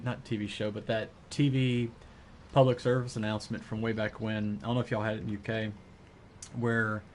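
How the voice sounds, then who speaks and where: A man's voice: mid-range voice, slight background noise. A man chatting casually with his viewers while gaming, rambling with lots of fillers and restarts. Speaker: live streamer.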